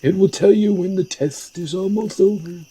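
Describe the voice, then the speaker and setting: A man putting on a high, stern old shaman teacher. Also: mellow, breathy edge, no room sound. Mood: solemn. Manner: solemn, drawn-out warnings.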